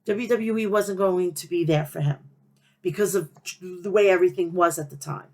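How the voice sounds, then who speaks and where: A woman's voice: on the low side, moderate pace, a little mellow. A woman with a nasal Long Island New York accent hosting a wrestling podcast, talking in a profane, passionate, rambling rant. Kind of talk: casual rant.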